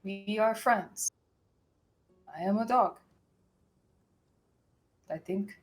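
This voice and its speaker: A woman's voice: medium pitch, very slow, faint music behind. Woman doing a sweet old dog, talks like a little kid, short simple lines. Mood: unsure. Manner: childlike, short simple sentences.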